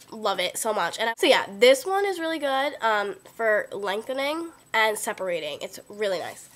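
A young woman with a cold chatting excitedly about her favorite makeup, gushing and full of "like" and "oh my God", recorded on a computer webcam mic at home. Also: a little high, slight background noise. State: sick, voice lower than usual. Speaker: beauty vlogger. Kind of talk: casual chat. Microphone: built-in computer webcam mic.

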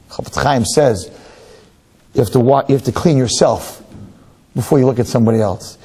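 A middle-aged man, a rabbi, delivering a sermon with stories in an emphatic, animated preaching manner. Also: medium pitch, moderate pace, long pauses, breathy edge. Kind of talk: sermon with storytelling.

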